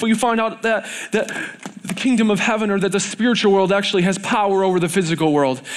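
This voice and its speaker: Earnest preacher man, fairly high voice. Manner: earnest, repetitive, building intensity. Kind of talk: sermon. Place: church.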